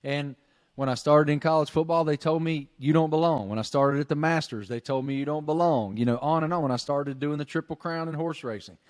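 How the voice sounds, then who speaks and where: A man's voice: fairly high pitch, steady tone, brisk, smooth. A man with a Southern drawl, a podcast host and sports reporter, who articulates every single word in casual chat.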